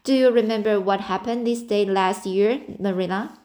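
A woman's voice: medium pitch, normal speed, warm tone, close to an everyday voice. A woman reading the part of a dreamy, talkative orphan girl in an audiobook, in an earnest, romantic and breathless manner.

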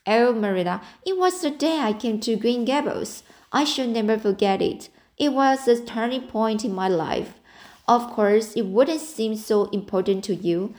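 Een vrouw die voorleest als een dromerig weesmeisje. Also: female voice, a little high, a little slow, a little mellow, lightly acted. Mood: dreamy. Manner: breathless, romantic, earnest. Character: dreamy, talkative orphan girl. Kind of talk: audiobook reading.

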